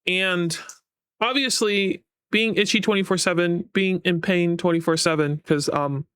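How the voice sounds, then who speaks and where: A man's voice: high voice, fairly even intonation, unhurried, a bit bright, smooth, no echo, studio quality. A man giving a casual personal update to his viewers as a VTuber, rambling and frustrated, swearing often. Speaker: VTuber and YouTube creator.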